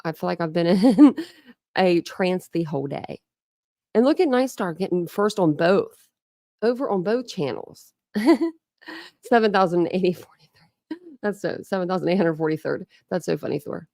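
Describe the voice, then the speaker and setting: A woman's voice: fairly low pitch, lively intonation, moderate pace, gravelly, long pauses, warm tone, no echo, studio quality. A woman from Ohio hosting a casual live stream, chatting loosely with viewers, rambling with many fillers and laughing often. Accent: Ohio with Philadelphia family influence. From Ohio, USA. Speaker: host of a live stream commentary channel.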